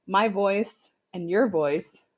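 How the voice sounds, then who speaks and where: A talkative woman from Canada co-hosts a casual podcast, spinning anecdotes in an easy, mid-pitched voice. She laughs often between lines, and her storytelling is relaxed and friendly. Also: slow pace. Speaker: podcast co-host. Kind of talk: casual chat.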